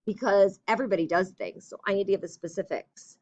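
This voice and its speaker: Teacher woman dictating a letter slowly. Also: mid-range voice, lo-fi sound. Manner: slow and deliberate when dictating, chatty in between. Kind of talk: recorded classroom writing lesson.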